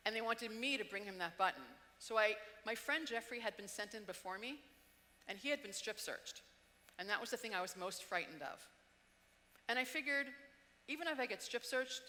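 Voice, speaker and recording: A woman's voice: medium pitch, bright, forceful tone, big-room sound. A middle-aged woman from the Washington DC area, giving a talk and telling a personal story vividly, acting out the quotes and changing her pace. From Washington DC area, United States.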